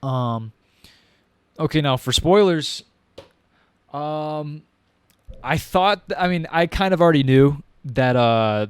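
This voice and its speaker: A man's voice: fairly high pitch, expressive, slow pace, long pauses, clean tone, no echo. A young man casually reviewing a movie, rambling with lots of fillers, slang and restarts.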